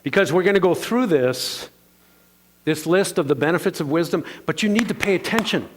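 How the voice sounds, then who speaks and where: A pastor with a somewhat high voice preaches a sermon at a brisk pace. He's playful and animated, calling on the congregation to answer back.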